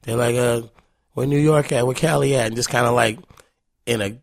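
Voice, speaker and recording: A man's voice: mid-range voice, fairly even intonation, a little fast, vocal fry, no echo, clean studio sound. A man guest telling casual, profane stories with frequent laughs. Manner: loose, profane, laughing anecdotes. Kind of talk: casual storytelling.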